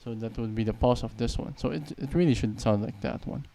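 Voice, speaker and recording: A man's voice: mid-range voice, fairly quick, gravelly, dark tone. A man teaching a piano tutorial, counting beats aloud and explaining patiently. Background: piano playing.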